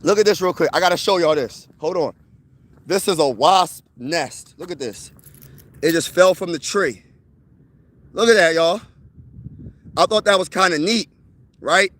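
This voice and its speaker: A man's voice: high-pitched, a little slow, long pauses, fairly bright tone. A man in his thirties hosting a sports fan channel, talking outdoors to a phone camera in a hyped, repetitive way. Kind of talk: casual live-stream chat. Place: outdoors by trees.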